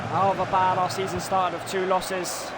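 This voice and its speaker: A man streaming a football video game live, calling the action like a broadcaster and bursting into shouts of excitement at the goals. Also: high-pitched, normal speed, very noisy. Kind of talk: live gameplay commentary in broadcaster style.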